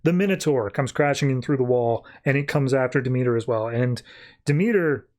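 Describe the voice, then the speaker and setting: Man, podcast host, casual comic recap, chatty, rambling, mid-pitched. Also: a little fast, a little mellow. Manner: chatty, rambling, fillers like 'like'.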